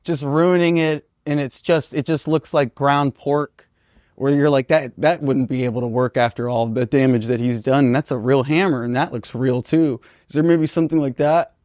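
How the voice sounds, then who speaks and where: A man playing a strange, demanding clinic patient in an improv comedy sketch, talking in a deadpan, hesitant ramble. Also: medium pitch, normal speed, no room sound, clean studio sound, natural voice.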